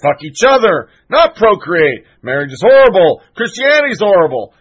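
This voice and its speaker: This is a male show host talking alone on his program, with a noticeably high voice. He rants with heat, swears freely and slips into sarcasm as he riffs. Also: sing-song, moderate pace, husky, rough recording. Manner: fired-up, profane, sarcastic ranting. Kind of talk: solo political commentary monologue.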